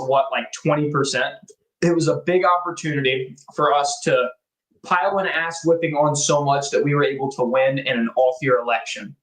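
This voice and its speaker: A man's voice: a little high, reverberant, poor audio. A man co-hosting a political podcast, chatting casually, laughing often and telling stories. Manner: laughing, storytelling, animated. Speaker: podcast co-host.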